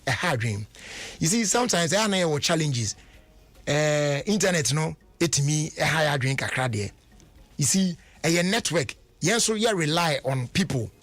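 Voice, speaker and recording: Ghanaian radio host dude rambling on, kinda high voice, dry close mic. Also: male voice, animated, normal speed, fairly bright tone, no room sound. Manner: chatty, with many restarts and rhetorical questions. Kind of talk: radio talk show.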